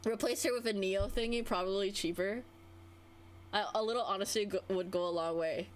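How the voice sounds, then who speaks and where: A young adult woman streamer ranting casually, exasperated, her voice swinging up and down as she vents. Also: brisk. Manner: exasperated, venting, with wide pitch swings.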